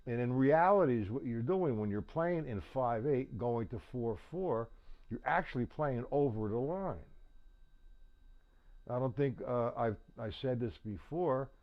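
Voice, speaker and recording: A man teaching drums in a live lesson. He talks plainly, repeats and restarts himself, and counts beats out loud. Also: medium pitch, expressive, measured pace, muffled recording. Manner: counts beats aloud over his playing. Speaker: drum teacher. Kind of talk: live online drum lesson. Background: drum kit playing.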